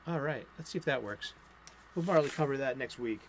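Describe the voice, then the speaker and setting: A man's voice: mid-range voice, a little fast, a little hiss or hum. A man hosting a casual comic book stream, rambling through new releases and breaking into profane, angry rants. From United States. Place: home studio.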